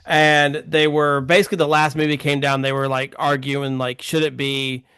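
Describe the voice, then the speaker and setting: Man, podcast host, smooth clear voice, dry close sound, rambling casual chat. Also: fairly high pitch, little pitch movement, normal speed, a bit bright, dry recording. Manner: chatty, rambling with fillers.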